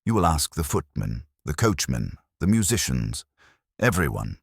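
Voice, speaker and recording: A man playing Hercule Poirot, formal and fastidious. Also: extremely low pitch, very animated, vocal fry, husky, dry recording, clean studio sound, heavily acted. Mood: measured formal. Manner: formal, courteous, measured. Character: male foreign detective, fastidious and formal.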